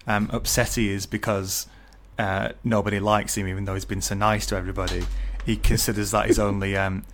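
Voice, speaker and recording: A young man with a lowish voice talks through a book chapter in casual podcast chat. He laughs easily and often stumbles over fillers and restarts as he thinks aloud. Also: little pitch movement, fairly quick, slight background noise. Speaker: podcast co-host.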